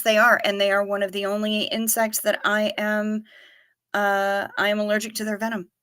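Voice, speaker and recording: A woman's voice: mid-range voice, pushed and bright, dry recording, studio quality. A woman hosting a casual livestream, chatting and answering viewer comments in a rambling, profane way full of stammered restarts. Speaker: livestream host. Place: home, livestream without camera.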